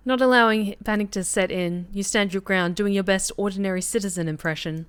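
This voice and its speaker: A woman streaming a story game, reading the narration aloud in a lively way and chatting back to her viewers. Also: mid-range voice, fairly quick, hardly any pauses, clear, resonant tone.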